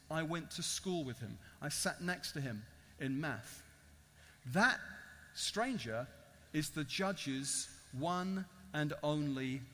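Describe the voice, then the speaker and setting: A man voicing an excited male journalist who eagerly shares a secret, heard in a reverberant hall. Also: high voice, voice pushed down.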